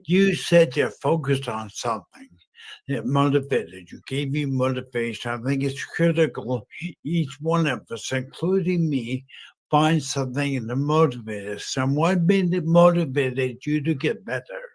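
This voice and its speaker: A man's voice: mid-range voice, measured pace. A man hosting an interview, asking rambling, enthusiastic questions. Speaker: host. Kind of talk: interview conversation.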